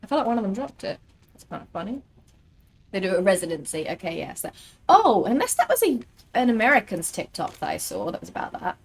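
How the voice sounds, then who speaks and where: A woman's voice: medium pitch, huge pitch swings, fast, breathy edge. A young British woman streaming a game, chatting casually and rambling with lots of fillers. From United Kingdom. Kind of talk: casual gaming chat.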